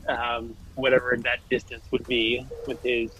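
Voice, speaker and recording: A man's voice: mid-range voice, monotone, measured pace, a bit bright, a little hiss or hum, poor audio. A man playing in a tabletop game, talking in a hesitant way full of fillers. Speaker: player. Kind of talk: tabletop role-play.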